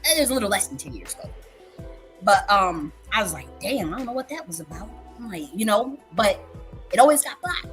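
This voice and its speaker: A woman's voice: mid-range voice, lively intonation, fairly quick, a bit bright, soft background music. A woman in her thirties hosting a casual livestream, telling a story candidly with frequent profanity and repetition for emphasis. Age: 30s. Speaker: livestream host.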